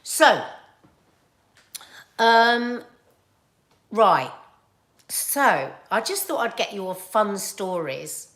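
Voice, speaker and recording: Woman, vlogger, casual rambling chat with fillers, mid pitch. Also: very animated, very slow, pauses often, fairly bright tone. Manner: chatty and rambling, with frequent fillers and laughs.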